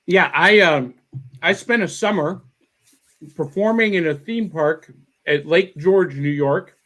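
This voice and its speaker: A man hosts a casual morning podcast over a video call. His voice is high for a man, and he sounds upbeat and excitable. He often says the same phrase twice as he talks. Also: takes it slowly. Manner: upbeat and excitable, repeats himself. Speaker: podcast host. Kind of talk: casual chat.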